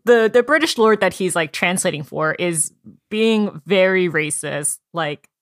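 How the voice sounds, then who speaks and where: A woman with a lowish voice chats about a book she loved. She retells scenes in a lively way, slipping into the characters' lines with plenty of fillers. The sound is close and dry, with no room around it. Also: a little slow, no room sound. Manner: animated storytelling, acts out characters' lines. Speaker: book discussion co-host. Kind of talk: casual chat.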